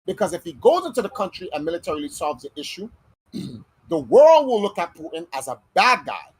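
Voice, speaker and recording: Husky, animated American podcast host. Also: male voice, high-pitched, fairly quick, poor audio. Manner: animated, slangy, acts out quoted voices. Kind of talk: casual podcast monologue.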